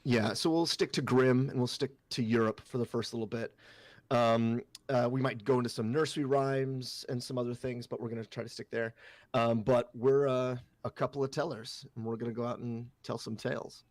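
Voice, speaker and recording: A man's voice: medium pitch, fairly even intonation, moderate pace, a little mellow, no echo. Male co-host, rambling casual delivery, dry close sound. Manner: loose, rambling, many fillers and restarts. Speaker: co-host and player. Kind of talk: casual chat about a tabletop game.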